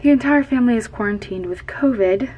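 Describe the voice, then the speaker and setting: A woman's voice: fairly high pitch, a little fast, breathy edge, lo-fi sound. A woman vlogger whispering and rambling in a small closet, filming herself on a camera close by. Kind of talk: hushed personal vlog. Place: small closet in her bathroom.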